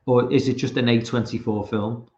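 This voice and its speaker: A man with a Liverpool accent talks with a gravelly, fry-laden voice, rambling and swearing freely as he chats over a film. The sound is roomy and a bit dull, like lo-fi stream audio in an echoey room. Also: mid-range voice, steady tone, moderate pace, darkish tone. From Liverpool, England. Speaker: live stream host. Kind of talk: casual live film commentary.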